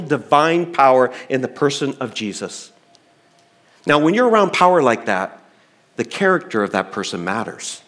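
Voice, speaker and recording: A middle-aged man, a pastor, preaching a sermon in a church, acting out quotes and swinging between loud bursts and quiet, low lines. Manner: animated preacher acting out quotes with sudden loud and soft turns. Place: church hall.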